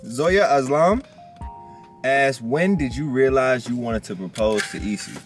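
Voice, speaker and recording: Young man, casual slangy chat, parked car, faint music behind, mid-pitched voice. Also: unhurried. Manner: laid-back, rambling, slangy. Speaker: vlogger.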